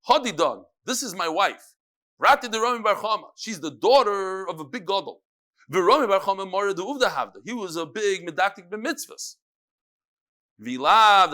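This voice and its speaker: A man teaching a daily Talmud class, mixing quick readings of the text with joking asides. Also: high voice, bright, forceful tone.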